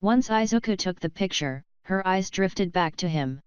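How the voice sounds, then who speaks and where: Woman narrator, calm and even, lowish voice, very clean and dry, slightly dull sound. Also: normal speed, clean tone, dry recording. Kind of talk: fan fiction audiobook narration. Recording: slightly dull, dry close-mic recording.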